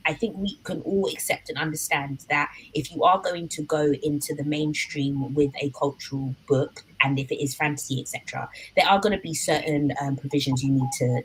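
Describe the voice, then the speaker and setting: A woman's voice: deep voice, slight background noise, rough recording. A woman hosting a casual book discussion, talking carefully and qualifying her points. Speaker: host.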